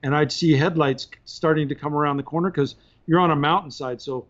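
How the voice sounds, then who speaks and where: Podcast guest, male, slightly high pitch, lively storyteller who laughs mid-story; muffled audio. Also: brisk. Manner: animated, laughs through his stories. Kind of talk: casual storytelling.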